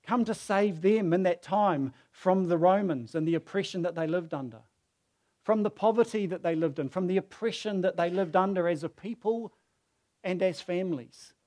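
A man's voice: high-pitched, normal speed, darkish tone. A man preaching a sermon who tells the story casually and acts out the quoted voices.

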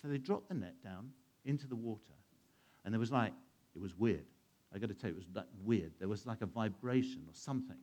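Lively man telling a Bible story. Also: fairly low pitch, brisk. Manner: asks the listeners questions and plays out the scenes. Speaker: church storyteller for children. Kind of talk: animated Bible storytelling to a young audience.

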